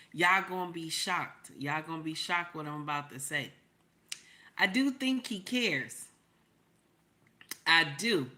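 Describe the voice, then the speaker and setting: Bright-voiced emphatic woman host. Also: on the low side. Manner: emphatic, repeats points, greets chat by name. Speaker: channel host. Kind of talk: casual commentary livestream.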